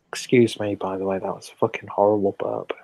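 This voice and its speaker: An English man hosting a live beer review stream, chatting casually and reading out viewer comments in a relaxed, rambling way. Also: fairly low pitch, no room sound, poor audio. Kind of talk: casual late-night live stream chat.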